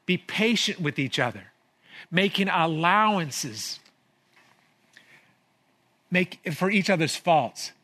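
A pastor delivers a sermon in a high, bright voice that rises and falls with lively swings in pitch. He talks emphatically, repeats his key phrases and drops from loud bursts to hushed lines. The tone stays sharp and forward the whole way through. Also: slow, long pauses.

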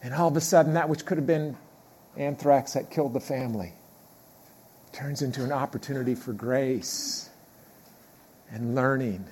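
A middle-aged man preaching a sermon in a church, talking conversationally, dropping quiet, then building loud, and repeating key phrases. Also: mid-range voice, moderate pace, long pauses, slight background noise. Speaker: pastor.

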